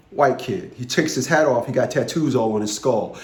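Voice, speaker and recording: A man's voice: medium pitch, fairly quick, hardly any pauses, echoey room. A man in his fifties, ranting bluntly to camera and telling a story, profane and commanding, repeating phrases for emphasis. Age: 50s. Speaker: vlogger.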